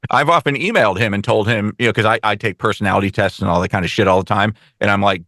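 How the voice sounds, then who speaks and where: A man co-hosting a casual talk show, telling stories fast with lots of quoted dialogue and some swearing. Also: fairly low pitch, a bit bright, no room sound, clean studio sound. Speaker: podcast co-host. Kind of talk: casual chat.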